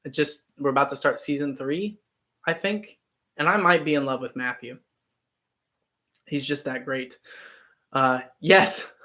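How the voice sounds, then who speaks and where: This young YouTube livestream host from Ohio has a Midwestern American accent and a sharp-toned, medium-pitched voice at normal speed, broken by long pauses. He talks things through thoughtfully, rambling with frequent restarts.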